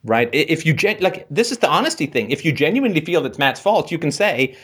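A man's voice: fairly high pitch, big pitch swings, brisk, fairly bright tone, husky. A man hosting a call-in advice show, asking probing questions and talking in long runs that he keeps punctuating with "right?".

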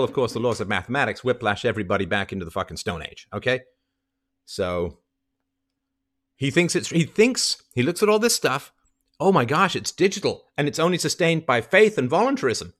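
Profane, animated middle-aged male ranter. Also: mid-range voice. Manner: profane, mocking, emphatic ranting. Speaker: podcast host commenting on a clip. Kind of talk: ranting commentary.

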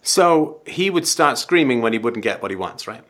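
Male call-in host, lively swooping pitch, bright tone, dramatic storytelling. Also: normal speed. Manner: animated, dramatic, acts out scenarios. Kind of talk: call-in advice talk.

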